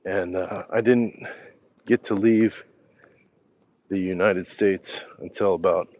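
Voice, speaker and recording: A man hosts a relaxed livestream from a phone he holds in his hand, reading viewer comments aloud. He talks at a slow, unhurried pace in a slightly low voice, with easy pauses and fillers. The sound is a little dull and lo-fi. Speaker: livestream host. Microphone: handheld phone.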